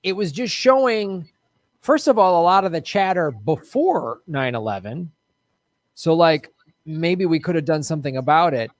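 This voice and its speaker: A man's voice: on the high side, expressive, moderate pace, no room sound, clean studio sound. A man hosting a podcast, chatting loosely and jokily about politics and reading news items aloud. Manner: loose, profane, jokey, reads news aloud. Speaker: podcast host. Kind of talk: casual political chat.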